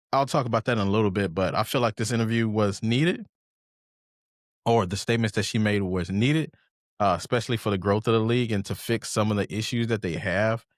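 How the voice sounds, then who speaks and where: A man's voice: lowish voice, dry recording, studio quality. A man hosts a podcast, commenting casually in a loose, rambling way with repeated restarts. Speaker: podcast host.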